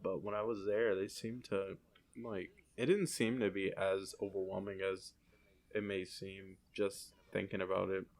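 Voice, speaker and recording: Low gravelly guy hosting a podcast, kinda monotone, just rambling chill stories. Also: a little slow. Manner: relaxed, rambling storyteller. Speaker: podcast host. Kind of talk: casual chat.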